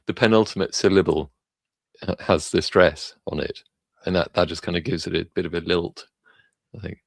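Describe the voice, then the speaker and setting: A man's voice: sits low, normal speed, creaky, no echo. A man from Wales chatting casually on a livestream, hesitant and self-deprecating, with many restarts.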